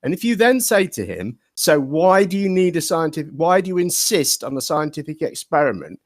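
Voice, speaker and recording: A man in a heated live-stream debate, his pitch swinging widely as he presses his case. He sounds insistent and lecturing, sitting slightly high for a man, in a dry, close setting with no room sound. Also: very animated, brisk, no echo.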